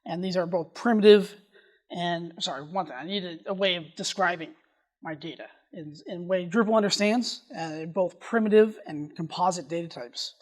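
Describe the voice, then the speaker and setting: Conference presenter, technical talk, quick delivery, frequent restarts, mid-range pitch. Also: a little mellow. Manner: talks fast, restarts sentences often. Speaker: conference speaker.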